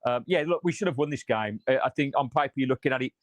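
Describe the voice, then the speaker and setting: A man's voice: medium pitch, quick pace, dry recording. A man hosting a fan channel, reacting live after a match in a frustrated, sweary rant and reading out viewer comments.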